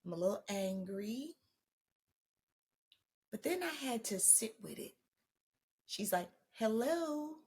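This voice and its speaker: A woman hosting a mental health podcast in a casual motivational monologue, chatty and addressing listeners as family, sometimes hushing her voice for emphasis. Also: mid-range voice, lively intonation, slow, long pauses, slightly rough. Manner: drops to a hushed voice for emphasis.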